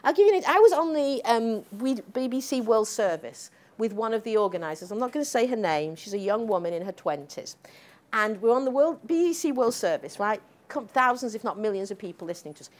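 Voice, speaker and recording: A woman's voice: on the high side, big pitch swings, fairly quick. An older woman from the United States giving an emphatic, sardonic public lecture as a professor, often tagging her points with "okay?" and "right?".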